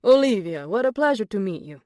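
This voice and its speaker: A woman voicing an excitable Italian maitre d' with a thick Italian accent, exclaiming effusively in an audiobook. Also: medium pitch, a little fast, dry recording, studio quality, natural voice. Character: excitable middle-aged Italian maitre d', man. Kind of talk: audiobook character voice.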